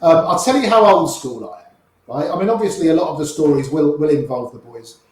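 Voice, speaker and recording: Guesting on an interview, a middle-aged poker player tells casual, wry anecdotes in a slightly high, somewhat mellow voice with lively intonation. He talks fast and chattily, looping back to repeat phrases, while the room carries strong echo.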